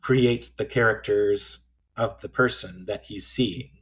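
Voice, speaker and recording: Low-voiced man musing about films. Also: a bit bright. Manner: thoughtful, halting, restarts mid-sentence. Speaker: podcast co-host. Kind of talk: casual film discussion.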